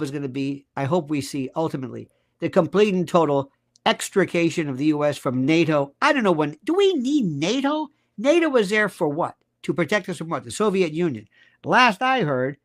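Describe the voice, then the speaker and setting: A man's voice: fairly high pitch, very animated, normal speed. A man from the United States speaking as a guest commentator, ranting emphatically and sarcastically, jumping from topic to topic. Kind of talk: animated political rant.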